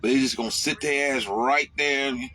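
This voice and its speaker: A man's voice: medium pitch, normal speed, soft background music. Profane ranting trucker man. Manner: profane, animated ranting with sudden yelled outbursts. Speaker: truck driver. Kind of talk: casual rant to camera.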